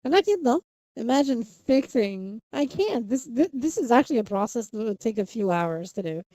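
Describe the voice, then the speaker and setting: A woman's voice: on the high side, big pitch swings, moderate pace, dark tone, no room sound. A young woman chatting casually on a live stream, rambling and restarting her sentences, often laughing. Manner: rambling, self-interrupting, giggly. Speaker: livestreamer.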